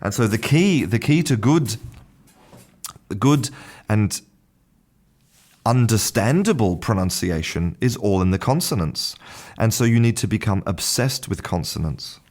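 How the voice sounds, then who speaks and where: A man's voice: on the low side, lively intonation, a little slow, long pauses, darkish tone. A man hosting a language podcast, teaching pronunciation in a casual, thinking-aloud monologue with frequent restarts and chuckles.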